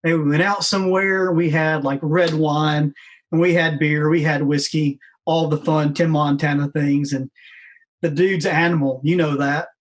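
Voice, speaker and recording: A man's voice: a little high, steady tone, normal speed. A man appearing as a podcast guest, chatting casually and poking fun at himself. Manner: laid-back, self-deprecating. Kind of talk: casual interview chat.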